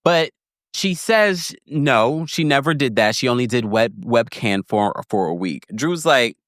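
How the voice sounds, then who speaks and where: Lively, gossipy man recapping TV. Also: mid-range voice, measured pace, dry recording, clean studio sound. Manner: gossipy, laughs often, acts out quotes; chatty, self-interrupting storyteller. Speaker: podcast host. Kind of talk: casual TV recap commentary.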